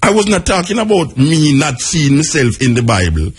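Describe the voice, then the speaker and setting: A Jamaican man hosting a call-in radio show, arguing with callers in a raised, animated voice. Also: fairly high pitch, moderate pace, breathy edge. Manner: animated, argumentative, raises his voice. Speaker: radio talk show host. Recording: radio broadcast.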